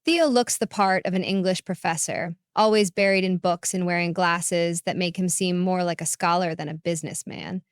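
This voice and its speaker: A woman narrating a first-person story in a calm, reflective way. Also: fairly low pitch, normal speed, few pauses, smooth, dry recording, studio quality.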